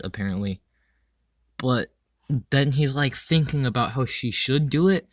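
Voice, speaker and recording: A young man casually reviewing an animated show in a crude, rambling way, full of ums and swearing. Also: mid-range voice, no echo. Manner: rambling, crude, filler-heavy with frequent ums. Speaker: anime reviewer.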